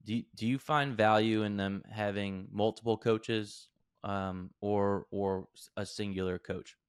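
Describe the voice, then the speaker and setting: A man's voice: on the low side, fairly even intonation, measured pace, clear, resonant tone, dry recording, studio quality. A man hosting a casual podcast interview, affirming his guest and asking open questions. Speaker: podcast host.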